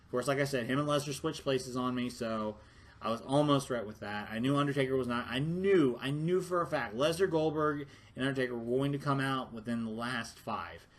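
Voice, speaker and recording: Brief: man, wrestling reviewer, heated profane rant, mid pitch. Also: brisk. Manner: heated, profane, rambling with restarts.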